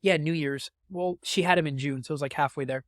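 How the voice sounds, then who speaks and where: A young man's slightly high voice, recorded dry and close with no room sound. He tells a candid personal story as a podcast guest, halting and full of restarts and fillers. He is openly moved and emotional as he talks. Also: dry recording.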